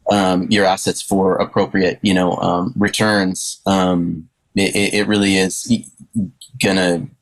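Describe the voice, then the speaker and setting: A low-voiced man talks in an online panel discussion, so excited that he keeps tripping over his words. His sentences stop and restart over and over while the enthusiasm pushes them forward. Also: measured pace, low-quality recording. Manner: stammering, enthusiastic, many restarts.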